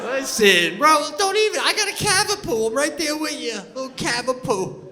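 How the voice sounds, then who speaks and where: A man performing stand-up comedy on stage, telling stories in a loud, animated way and yelling his punchlines. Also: extremely high pitch, moderate pace, long reverb tail, over music, a crowd in the background. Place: comedy stage before a live audience.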